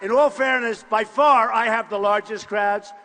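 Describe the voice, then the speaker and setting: Older man shouting a rally speech. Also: high-pitched, steady tone, moderate pace, slight background noise. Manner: boastful, repetitive, punchy short phrases, often shouting to the crowd. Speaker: political candidate at a rally. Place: large university hall with crowd. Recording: long hall reverb from a live rally.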